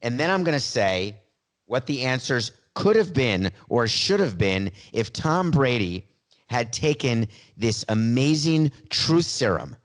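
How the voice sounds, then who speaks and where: A man hosting a sports podcast, making sarcastic, wry asides. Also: on the low side. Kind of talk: podcast commentary.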